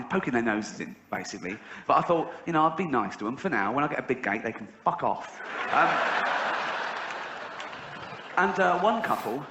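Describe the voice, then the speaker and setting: A middle-aged English man doing a stand-up set, telling stories deadpan and then jumping into high shrieks to act out other people. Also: muffled recording. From England. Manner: deadpan storytelling that bursts into high shrieks when acting out others. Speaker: stand-up comedian. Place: large theatre stage before a laughing audience. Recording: roomy hall with audience noise. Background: audience laughter.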